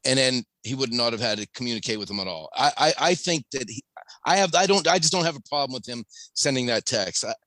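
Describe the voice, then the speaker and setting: A man co-hosting a sports podcast, rattling off his opinions at a very fast clip with a wry edge. The recording is dry and close. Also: medium pitch, animated, bright, forceful tone, dry recording. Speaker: podcast co-host. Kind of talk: casual sports talk.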